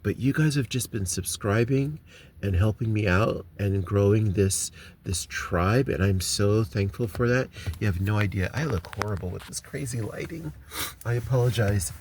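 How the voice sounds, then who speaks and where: A man with a lowish voice chats openly to his viewers from inside his car, wandering through his thoughts with frequent ums and false starts. A faint hum of ambient noise sits under the phone recording. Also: moderate pace, a little mellow. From United States. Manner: rambling, with many ums and restarts. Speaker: vlogger. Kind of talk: casual chat to viewers.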